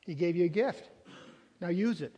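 High-voiced preacher in an echoing hall. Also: male voice, normal speed, mellow, slightly rough. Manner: earnest, emphatic preaching with repetitions. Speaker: pastor. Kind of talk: sermon. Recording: reverberant hall, long echo.

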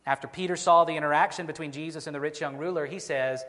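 A man preaching a sermon as pastor, earnest, slowing down to stress key phrases. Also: fairly high pitch, fairly even intonation, a bit bright, big-room sound.

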